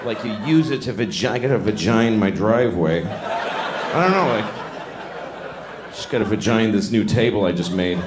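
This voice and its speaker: A man's voice: fairly low pitch, animated, normal speed, pauses often, noisy background. A man in his forties from Boston doing crude, conversational stand-up comedy for a live audience. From Boston, USA. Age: 40s. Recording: roomy club with loud crowd laughter.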